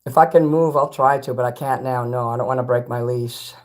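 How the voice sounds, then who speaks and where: Speaking fairly quickly with a steady tone and medium pitch, a Chicago man hosts a livestream chat. He snacks as he goes, reads out messages from chat, and makes blunt, rambling remarks, cursing freely.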